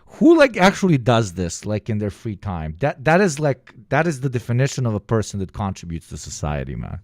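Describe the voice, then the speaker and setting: Loud swearing male streamer. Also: fairly low pitch, wildly swooping pitch, brisk, no room sound, clean studio sound. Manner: loud, swearing, jokey, swings between shouting and muttering. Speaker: streamer reacting to videos. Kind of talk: casual live-stream chat.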